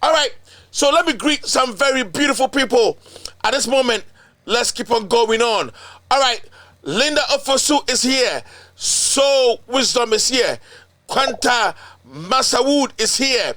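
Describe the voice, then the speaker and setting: A man's voice: very high voice, lively intonation, measured pace, pushed and bright. A Ghanaian man hosting a political commentary show, talking in an indignant, emphatic way. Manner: indignant, emphatic, mixes in local-language chants and repetition.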